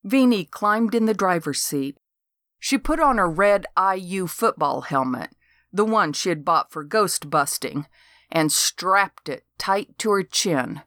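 An older woman narrating a comic novel in first person, with a dry, deadpan delivery. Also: lowish voice, unhurried, no echo. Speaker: audiobook narrator.

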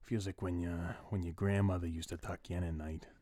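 A man's voice: low-pitched, flat delivery, a little fast, warm tone, no echo, clean studio sound. A young man co-hosting a podcast, trading crude, teasing jokes and rambling with many restarts. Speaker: podcast co-host. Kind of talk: crude joking podcast banter.

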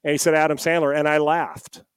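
A man's voice: fairly high pitch, flat delivery, brisk, clean tone. A middle-aged man, a guest on a podcast, telling a long story from home over a headset. He acts out the quoted dialogue as he goes. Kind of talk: casual storytelling.

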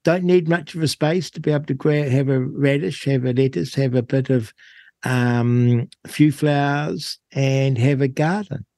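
A man's voice: medium pitch, creaky, warm tone, no echo, clean studio sound. A man, hosting talk radio in a chatty, enthusiastic way. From New Zealand. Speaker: radio host.

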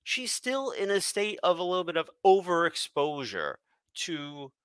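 A man's voice: high voice, big pitch swings, unhurried, fairly bright tone, smooth, no room sound. A man co-hosting a wrestling podcast, giving emphatic, opinionated takes in casual chat. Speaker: podcast co-host.

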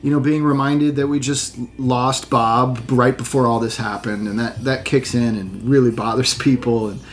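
A man's voice: mid-range voice, steady tone, moderate pace, a little hiss or hum. A man who works as an actor, chatting casually and candidly on a video call, self-deprecating and full of restarts. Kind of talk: casual chat.

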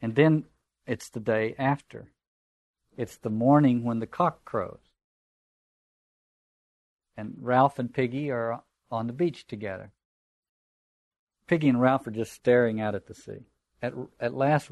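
Male lecturer, mid pitch, reflective and digressive, dry recording. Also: a little slow, pauses often, a little mellow, no echo. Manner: reflective, digressive, conversational asides. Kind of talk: literature lecture with read-aloud passages.

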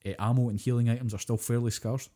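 A man, co-hosting a podcast and retelling a video game's story in casual, animated chat, swearing freely as he goes. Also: medium pitch, quick pace. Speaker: podcast co-host.

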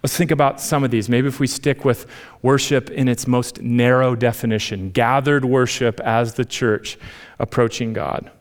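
A man, preaching a sermon as pastor, animated in his storytelling and dropping to near whispers for emphasis. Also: medium pitch, moderate pace.

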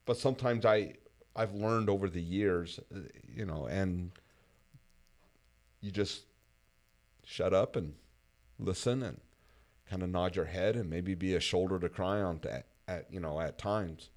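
Deep-voiced man, reflective host. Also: unhurried, long pauses, a little mellow. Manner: reflective, with frequent fillers and laughter. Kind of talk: casual conversation.

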